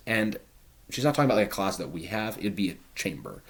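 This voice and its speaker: A man's voice: on the low side, lively intonation, quick pace, creaky, slight background noise. A man teaching a play, explaining each line in a conversational, paraphrasing way with casual fillers. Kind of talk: explanatory literature lesson.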